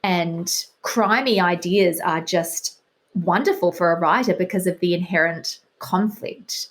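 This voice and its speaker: A woman's voice: on the low side, a little slow. A middle-aged woman, a guest author, chatting in an interview with a wry, self-deprecating humor. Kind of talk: casual interview chat.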